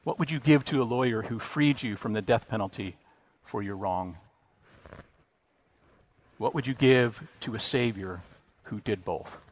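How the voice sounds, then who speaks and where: A man preaching a sermon earnestly, rising for emphasis and dropping quiet, with occasional restarts. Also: lowish voice, measured pace, long pauses. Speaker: pastor.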